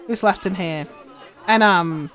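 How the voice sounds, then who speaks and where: Chatting casually over her live game stream, a woman mutters instructions to herself as she plays. Her voice is lowish and a bit bright, her pace slow, with some chatter in the background.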